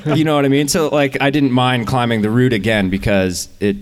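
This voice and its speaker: A young man, a guest at a live interview, telling a story in an easygoing, relaxed way. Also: medium pitch, fairly quick, heavy background noise. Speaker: guest climber.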